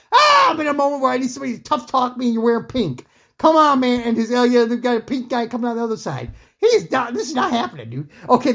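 A woman doing joking amateur play-by-play commentary on a fight, rambling, excitable and whooping. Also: fairly high pitch, creaky, breathy edge. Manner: rambling, excitable, whooping and laughing at her own jokes.

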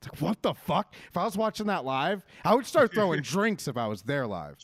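A man's voice: fairly high pitch, sing-song, fairly quick, dry recording, studio quality. A man co-hosting a casual wrestling chat, ranting animatedly and swearing freely. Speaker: podcast co-host.

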